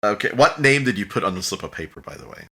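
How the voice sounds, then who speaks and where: A man's voice: on the low side, lively intonation, quick pace, a bit bright. A man narrating a tabletop game as game master in a casual, rambling way, slipping into brief character voices.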